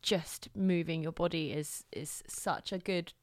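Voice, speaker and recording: A woman's voice: fairly low pitch, steady tone, unhurried, darkish tone, dry recording. Woman in casual reflective chat. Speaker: podcast co-host.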